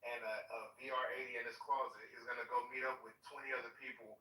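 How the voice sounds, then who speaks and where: A man from the United States lays out his position calmly and step by step. His voice is at a middle pitch and sounds bright. It comes from far off in an echoey space. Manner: measured, explanatory. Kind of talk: political debate. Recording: echoey, distant voice-chat audio.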